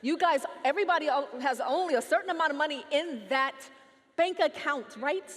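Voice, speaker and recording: Animated high-voiced woman on stage. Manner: playful, teasing, addresses audience directly. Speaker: featured speaker. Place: large hall with live audience. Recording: long hall reverb.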